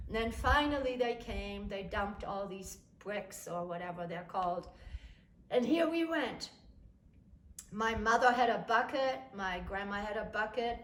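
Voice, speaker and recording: Woman telling a family story in a roomy space. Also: medium pitch. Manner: animated, acts out family members. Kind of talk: personal storytelling. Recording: echoey room, faint noise.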